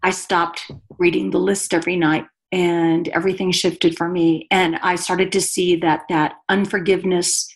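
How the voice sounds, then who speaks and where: A woman's voice: fairly low pitch, level tone, moderate pace, hardly any pauses. A woman guest telling a personal story on a podcast in an earnest, confessional way. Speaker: guest author and speaker.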